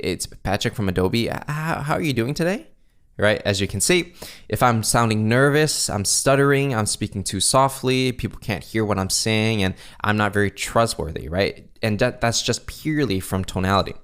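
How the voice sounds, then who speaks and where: A man teaching sales calls in a relaxed, conversational way, often checking in with the listener. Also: lowish voice. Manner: conversational, frequent "right?" check-ins. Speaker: sales coach. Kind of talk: instructional talk.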